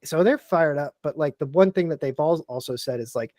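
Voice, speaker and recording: An animated man talks through a podcast in a dry, close room. He leans hard on his points, scatters "like" through every sentence and swears without a second thought. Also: fairly high pitch, fairly quick, no echo. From Texas and Tennessee, USA. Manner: animated, emphatic, fills speech with "like", swears freely. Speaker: podcast guest, military veteran. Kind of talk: casual chat.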